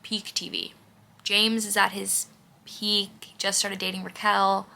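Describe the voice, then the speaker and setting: A woman's voice: mid-range voice, level tone, a little slow, gravelly, bright, forceful tone. A woman vlogging in a casual, rambling way, gushing about what she watches and often saying "like". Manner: rambling and gushing, heavy use of "like". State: out of breath. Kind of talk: casual chatty vlog.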